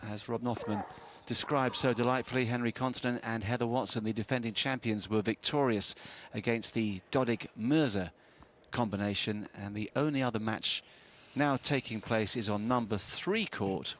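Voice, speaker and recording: A man presenting live tennis coverage, steady, informative and gently teasing. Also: medium pitch, a little hiss or hum. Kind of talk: live sports broadcast chat.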